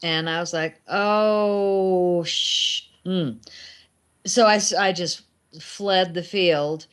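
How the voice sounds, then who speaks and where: A middle-aged woman, a guest filmmaker, telling animated anecdotes in casual talk and acting out the lines of the people in them. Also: lowish voice, unhurried. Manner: animated anecdotes with acted quotes. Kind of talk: casual storytelling.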